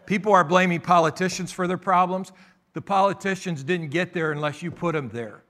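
A male pastor delivering a sermon with a bright, ringing voice pitched a little high. He drives his points with loud emphatic bursts, drops into quieter asides, and keeps calling for an amen. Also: brisk. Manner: preacherly, calls for amens, swings between loud bursts and soft asides.

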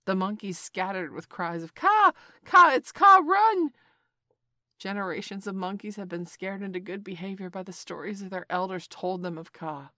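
A woman narrating a classic storybook in a measured, expressive way. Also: fairly low pitch, no room sound, studio quality. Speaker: audiobook narrator. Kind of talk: scripted narration.

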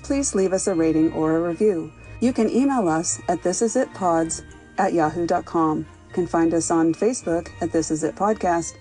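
Low-voiced woman reading a storybook. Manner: calm, measured, gentle reading. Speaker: audiobook reader and podcast host. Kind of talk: storybook audiobook narration.

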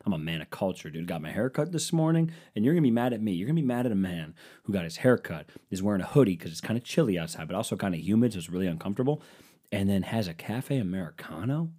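A man's voice: lowish voice, very animated, fast talker, dark tone. A man in his twenties hosting his own podcast, delivering a sarcastic, rambling comedic monologue into a desk microphone at home. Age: 20s. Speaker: podcast host.

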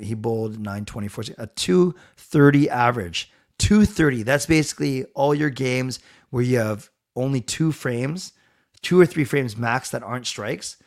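Man casually reading out chat messages. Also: mid-range voice. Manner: reads viewer comments aloud and answers them. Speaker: livestream host reading chat.

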